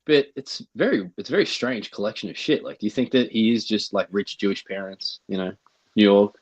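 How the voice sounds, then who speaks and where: Laid-back man, husky lo-fi sound. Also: on the low side, fairly quick. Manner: laid-back, joking, chuckling. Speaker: podcast co-host. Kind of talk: casual podcast chat.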